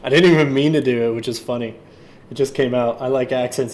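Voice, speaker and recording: A man livestreams while producing music, keeping up chatty running self-talk with himself and his chat in a loose, offhand way and swearing now and then. He talks fast in a steady, mid-range, slightly mellow voice, with a little hiss or hum in the audio.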